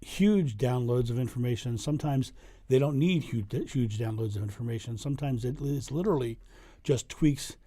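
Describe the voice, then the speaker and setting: A man's voice: mid-range voice, normal speed, warm tone. A middle-aged man and spiritual coach answering viewer questions on a livestream, telling stories in an earnest way and repeating phrases for emphasis. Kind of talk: livestream Q&A monologue.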